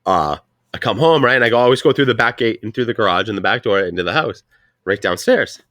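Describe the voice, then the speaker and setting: A stoned man from Canada in his twenties, rambling through a story with lots of swearing and loud put-on voices for the people he quotes. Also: on the low side, lively intonation, fast, dry recording. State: high on weed. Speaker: podcast co-host. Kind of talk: casual chat.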